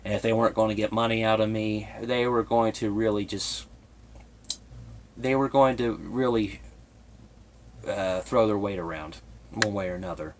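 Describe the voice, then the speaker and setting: A young man with a slightly low-pitched voice speaks in a confessional vlog. He sounds timid and emotionally raw. He stumbles, breaks off and restarts his sentences as he goes. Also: steady tone, a little hiss or hum. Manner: hesitant, halting storytelling with many restarts. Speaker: vlogger.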